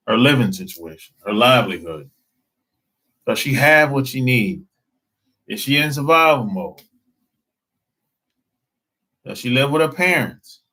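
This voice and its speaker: A man talking casually as a dating coach, slow and drawling, often breaking into laughter. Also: medium pitch, bright, forceful tone. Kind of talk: casual live-stream talk.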